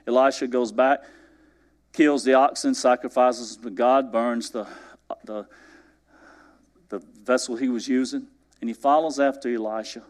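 Male preacher, sermon, lively storytelling, acts out dialogue, asks the congregation questions. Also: medium pitch, unhurried, long pauses. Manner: animated storytelling, acting out biblical dialogue.

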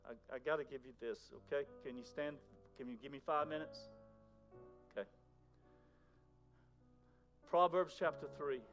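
A man's voice: a little high, normal speed, long pauses, muffled recording. Man preaching over faint music. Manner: conversational preaching, swings from loud to whispered. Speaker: pastor. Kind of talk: sermon.

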